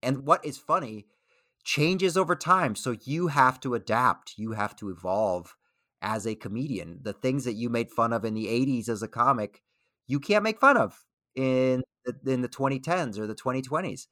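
Man, thoughtful interview guest, measured, dry close sound. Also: medium pitch, expressive, sharp tone, dry recording. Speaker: guest comedian and military veteran. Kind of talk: casual interview.

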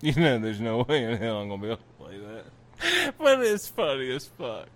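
A man's voice: mid-range voice, very animated, a little fast. A man hosting a podcast, reading a news story and riffing on it with profane jokes and frequent laughter. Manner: profane, joking, laughs often. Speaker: podcast host. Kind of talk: comic news commentary.

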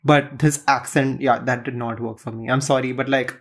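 A man co-hosting a podcast, reasoning in a halting, thoughtful way with sarcastic jokes. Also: mid-range voice, steady tone. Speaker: podcast co-host, film critic. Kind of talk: casual film review chat.

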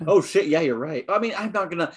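Woman co-host, low voice with big swings, teasing casual banter. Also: animated, quick pace, breathy edge. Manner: joking, teasing. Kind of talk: casual film discussion.

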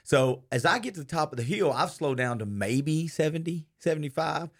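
A man telling a story in casual chat, brisk and lively. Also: on the high side. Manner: brisk, lively anecdote teller.

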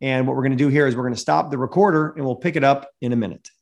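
A man hosting a coaching podcast, talking in an energetic, emphatic coaching manner and reading a sponsor message. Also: mid-range voice, racing, vocal fry. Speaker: host and mental performance coach.

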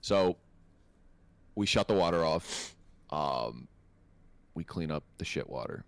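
Low-voiced profane podcast host. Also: male voice, slow pace, vocal fry, no room sound. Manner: profane, rambling, animated when quoting others. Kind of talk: casual storytelling chat.

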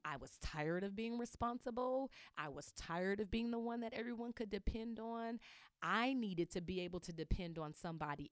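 A woman's voice: low-pitched, smooth, no echo, studio quality. A woman in her thirties from the United States hosting a podcast, telling a personal story in an earnest, emphatic way with fillers. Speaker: podcast host.

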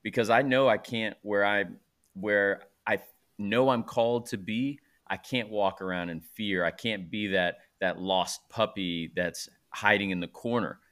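Casting note: laid-back male host, low voice, opens up. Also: measured pace. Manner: relaxed, says bro, open about himself. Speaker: podcast host. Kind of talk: casual chat.

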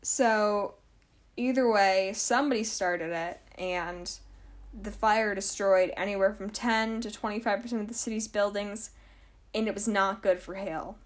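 A woman's voice: mid-range voice, fairly even intonation, measured pace. A young woman hosting a history podcast, telling the story casually with lots of fillers, wry asides and mock quotes.

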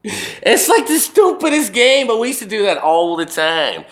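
A young man telling a rambling, profane story to the camera, swinging between loud retellings and low muttering. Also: big pitch swings, moderate pace. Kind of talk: casual storytelling monologue to camera. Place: indoors, wall behind him.

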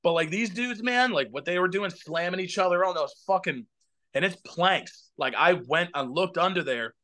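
High, bright-voiced man in his forties. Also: normal speed. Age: 40s. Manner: profane, animated storytelling with acted-out quotes. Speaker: podcast guest, band vocalist. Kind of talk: casual chat.

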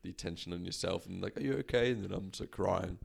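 A man's voice: sits low, monotone, fast, creaky, slightly rough. A young man co-hosting a casual chat, thinking aloud in a rambling, hesitant way. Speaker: podcast co-host.

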